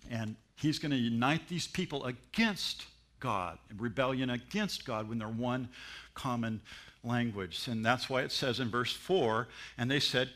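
A man's voice: mid-range voice, unhurried. A man preaching a sermon as pastor, telling stories and mimicking voices along the way. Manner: animated storytelling with mimicry and laughs.

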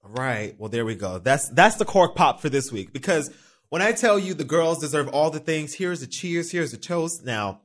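A man hosting his own podcast, telling a story in a casual, campy, animated way with frequent swearing. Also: on the high side, moderate pace. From New York. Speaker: podcast host. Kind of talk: casual solo podcast chat. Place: studio.

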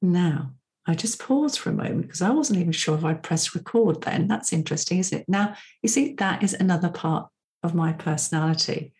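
Chatty woman, lowish voice. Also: brisk, a little mellow. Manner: chatty and personal, with asides. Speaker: podcast host and personality profiling coach. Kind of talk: casual solo podcast talk.

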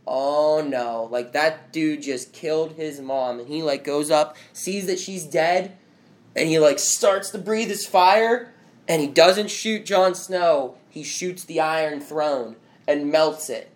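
A young man with a voice on the high side talks slowly while recapping a show at home with friends and family. It's a casual chat, and he rambles, leaning heavily on "like."

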